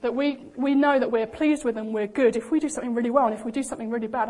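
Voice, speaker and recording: A young woman preaching a sermon in a lively, animated way, acting out the voices she quotes. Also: fairly high pitch, rapid-fire, few pauses. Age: young adult.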